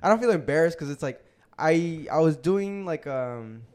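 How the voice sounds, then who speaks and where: A man's voice: on the high side, lively intonation, normal speed, a little mellow, smooth. Slangy young man telling a story. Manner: loose storytelling, heavy slang and swearing. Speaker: podcast host. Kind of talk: casual chat.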